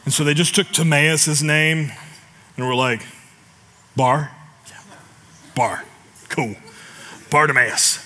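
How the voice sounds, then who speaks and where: Preacher, middle-aged man, bright higher voice, jokey, builds to shouting. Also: slow pace, long pauses. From United States. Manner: animated, jokey, shouts scripture cries. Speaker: pastor. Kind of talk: sermon.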